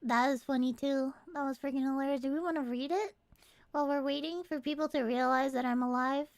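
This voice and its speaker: A young adult woman streaming and chatting casually, excitable and quick to swear. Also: sits high, creaky, no room sound. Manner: excitable and profane, swears freely. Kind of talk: casual livestream chat.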